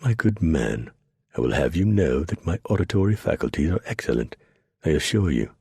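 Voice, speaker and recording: Snooty pompous gent, a man doing him, stiff formal talk, low gravel. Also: very animated, normal speed, warm tone, dry recording, studio quality, heavily acted. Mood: condescending. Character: condescending pompous gentleman.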